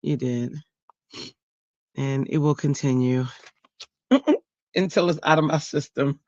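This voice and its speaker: A man's voice: a little high, takes it slowly, dry recording, lo-fi sound. A middle-aged man hosting a crafting livestream, chatting casually, telling stories with animation and laughing often.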